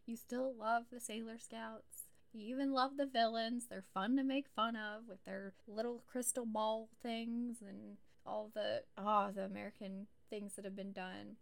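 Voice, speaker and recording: A woman's voice: on the high side, fairly even intonation, a little slow, gravelly, few pauses. A young adult woman co-hosting a podcast in casual chat, blunt, sarcastic and emphatic. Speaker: podcast co-host.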